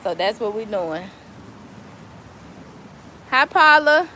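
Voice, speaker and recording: A woman barber with a high, bouncy, sing-song voice, joking casually with viewers as she works. She talks into a phone out on a deck, and the recording picks up steady outdoor wind noise. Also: takes it slowly. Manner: chatty and playful, joking with viewers and her dog. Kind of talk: casual live-stream chat while cutting hair.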